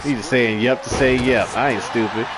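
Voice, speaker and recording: A man's voice: mid-range voice, steady tone, normal speed, background noise. A man in his thirties giving loose, joking, profane live commentary on a wrestling stream and chatting with viewers. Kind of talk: casual live commentary with singing and chat replies.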